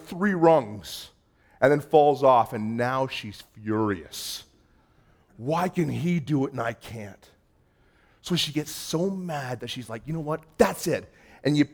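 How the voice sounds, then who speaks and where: A male pastor preaches in a mid-range voice, moving between loud emphasis and hushed, quiet passages. He also acts out the voices of people he quotes.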